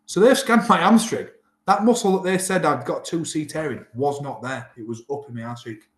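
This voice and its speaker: A man's voice: a little high, fairly quick. A man in his thirties with a Yorkshire accent, a rugby player telling his story in a casual interview, acting out what people said. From England. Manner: animated, acts out quoted dialogue. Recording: roomy echo.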